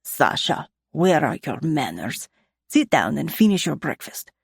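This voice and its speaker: A woman's voice: sits low, very animated, measured pace, vocal fry, slightly rough, no room sound, studio quality, full character voice. A woman voicing a stern, formal older nanny in an audiobook. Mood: scolding. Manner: formal, scolding.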